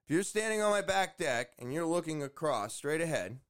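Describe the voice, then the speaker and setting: A man's voice: a little high, big pitch swings, fairly quick, clear, resonant tone. A man telling a story straight to camera in a casual, exasperated way, swearing often. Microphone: camera facing speaker.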